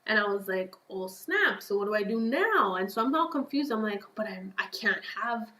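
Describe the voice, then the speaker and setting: A woman talks through a personal story in a casual, lively way. She acts out her own past lines and fills her speech with "like" and "yo". Her voice sits at an ordinary pitch and rings around a roomy, echoey space. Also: brisk. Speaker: podcast guest.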